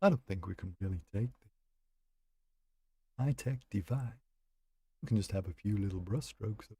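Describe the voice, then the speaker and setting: Rambling man, lively pitch. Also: measured pace, gravelly, long pauses, breathy edge, dry recording. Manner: rambling, chatty, talks to chat members by name. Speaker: streamer. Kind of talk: casual live-stream chat while playing.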